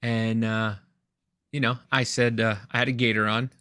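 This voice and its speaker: A man co-hosting a podcast, telling a rambling, animated anecdote in casual chat. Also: mid-range voice, moderate pace, smooth, no room sound, clean studio sound. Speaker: podcast co-host.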